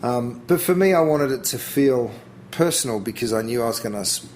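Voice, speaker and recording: A man's voice: medium pitch, expressive, brisk, darkish tone, a little hiss or hum. A middle-aged Australian man, a chef being interviewed, talking casually and thinking aloud with frequent restarts. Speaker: chef guest.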